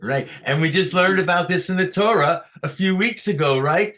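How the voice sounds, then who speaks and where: Speaking at a moderate pace in a high-pitched, somewhat bright voice, a man teaches scripture chanting online. The video call audio comes from a computer mic, and he explains patiently, step by step, regularly making sure his students follow.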